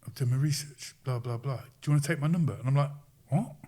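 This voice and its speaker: Middle-aged male coach, podcast guest, mid-pitched voice, casual storyteller who voices his quotes. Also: rapid-fire. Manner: lively retelling, acts out quoted lines, chuckles.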